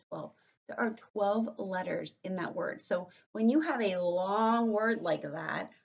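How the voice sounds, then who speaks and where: A woman who is a kindergarten teacher, giving a vocabulary lesson to young children in a slow, encouraging way and often checking with "right?". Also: mid-range voice, muffled recording. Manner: slow, encouraging, with lots of rhetorical questions.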